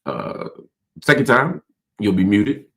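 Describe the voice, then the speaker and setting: A man hosting a casual nightly livestream show, slightly hoarse from a cold, talking loosely and calling his viewers y'all. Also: on the low side, sing-song, takes it slowly, a bit bright. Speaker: host.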